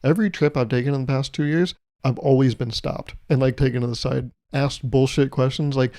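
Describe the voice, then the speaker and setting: A young podcast host with a medium-pitched, slightly mellow voice tells a travel story briskly, his intonation fairly even. He's casual and comedic, breaking into exasperated rants laced with swearing. The sound is dry and studio-clean.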